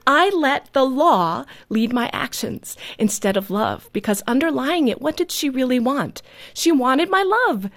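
A woman telling a story from her life as a mother in a radio interview, earnest and animated, laughing often. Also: high-pitched, measured pace.

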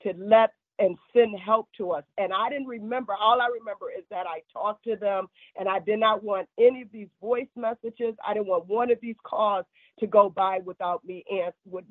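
In an emotional interview, a woman pastor recounts calls for help from the heart, quoting the people who called at length. She speaks at normal speed in a medium-pitched, steady tone; the recording is dry and comes through a phone-like remote line.

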